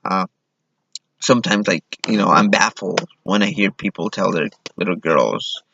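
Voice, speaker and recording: A man's voice: low-pitched, steady tone, moderate pace, creaky, a bit bright, a little hiss or hum. A man from Mexico telling a self-deprecating personal story on stage, acting out what people said. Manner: self-deprecating, acts out quoted voices. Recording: dull, lo-fi sound.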